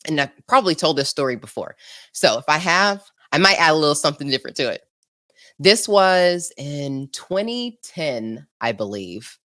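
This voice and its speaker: A woman's voice: low-pitched, very animated, moderate pace, fairly bright tone. A woman hosting a podcast in casual, bubbly chat, laughing often as she tells stories. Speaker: podcast host.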